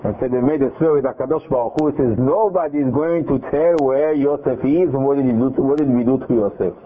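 A man's voice: mid-range voice, quick pace. Man retelling a Torah story over phone. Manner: animated retelling with quoted dialogue and restarts. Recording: tinny phone-line audio.

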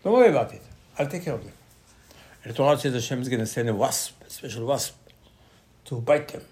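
A middle-aged man giving an animated Torah sermon, acting out quotes with sudden loud bursts. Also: medium pitch, fast talker. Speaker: rabbi.

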